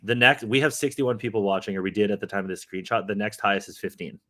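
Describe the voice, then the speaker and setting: A man co-hosting a casual live podcast, joking around and getting excitable, with casual swearing. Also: fairly low pitch, quick pace. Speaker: podcast co-host.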